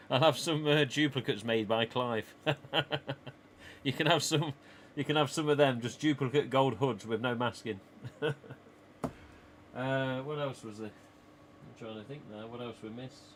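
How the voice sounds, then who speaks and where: A man speaks at a measured pace in a medium-pitched voice, with slight background noise behind him. Streaming live from a small home office, he chats casually and rambles with his viewers in an English East Midlands accent, frequently laughing.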